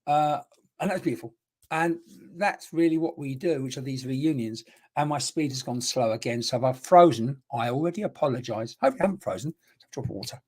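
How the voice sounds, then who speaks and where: A male spiritual medium gives a live online reading, talking a little fast in a medium-pitched, slightly mellow voice. He rambles and exclaims, chatting both to viewers and to unseen spirits as he passes on messages.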